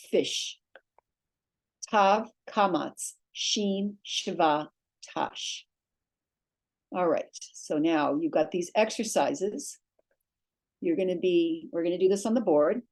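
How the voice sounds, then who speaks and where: A woman teaching a Hebrew lesson, slowly and patiently drilling vowel sounds and letters at a board in a classroom. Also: on the low side, low-quality recording.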